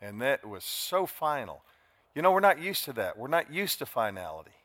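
An older man preaching a dramatic sermon, swinging from quiet asides to sudden shouts. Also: medium pitch, big pitch swings, normal speed, no room sound. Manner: dramatic, shifts from soft to shouting. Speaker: pastor.

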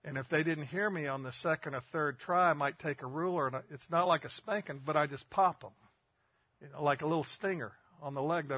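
Older guy preaching, folksy stories, kinda husky, dry dull sound. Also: a little high, fairly quick, dry recording. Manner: folksy storytelling, rhetorical questions. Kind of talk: sermon.

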